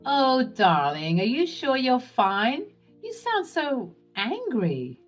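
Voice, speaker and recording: A woman voicing a scheming older mother-in-law who talks slowly in a honeyed, falsely sweet way. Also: high voice, wildly swooping pitch, soft background music, pitched above the performer's own voice, heavily acted. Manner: slow, syrupy, honeyed.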